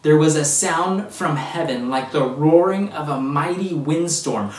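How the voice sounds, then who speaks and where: An upbeat children's church teacher walks kids through a Bible story and chats with them directly. The voice sits at a middling pitch and sounds a little distant from the mic. It carries a roomy echo. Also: unhurried, a little mellow. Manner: upbeat, speaks straight to children. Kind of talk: kids' Bible lesson. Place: church room.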